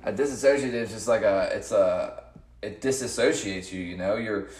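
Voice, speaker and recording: Low-voiced, blunt man in an echoey room. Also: moderate pace, a little mellow. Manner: blunt, teasing, knowing about drugs. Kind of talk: casual chat.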